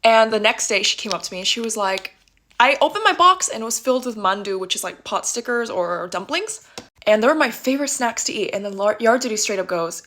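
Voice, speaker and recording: A young woman from the United States, softly and reflectively telling a personal story in a casual vlog, with lots of filler words. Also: on the high side, animated, a little fast. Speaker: vlogger.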